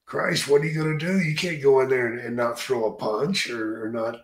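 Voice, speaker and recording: A man's voice: medium pitch, steady tone, a little fast. A man hosting a podcast in a casual interview, talking bluntly and swearing freely with strong opinions. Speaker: podcast host. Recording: roomy echo.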